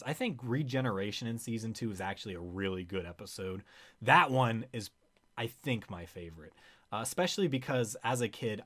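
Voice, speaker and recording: A man's voice: lowish voice, fairly bright tone. A young man giving a casual spoken review, talking with many fillers and restarts. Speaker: video reviewer.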